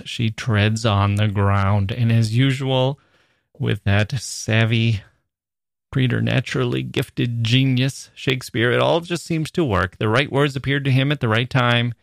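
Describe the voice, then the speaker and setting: A man's voice: medium pitch, creaky, no echo, clean studio sound. Thoughtful man hosting a literature podcast. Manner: thoughtful, reads verse lines slowly and deliberately. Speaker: podcast host. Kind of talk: answering a listener's email on poetry.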